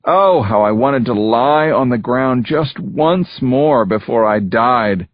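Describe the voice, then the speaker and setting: A man reads an audiobook in the first person, slow and deliberate, with a grave, measured weight. His mid-range voice sits in a dry, close space. The sound is somewhat dull and muffled. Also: mid-range voice, lively intonation, no echo. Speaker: audiobook narrator.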